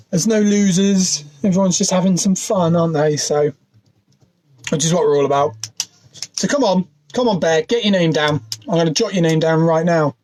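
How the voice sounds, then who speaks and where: Chatty man, high voice. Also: a little mellow. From United Kingdom. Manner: chatty, greeting viewers by name. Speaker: quiz host. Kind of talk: casual livestream chat. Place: inside his van. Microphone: phone.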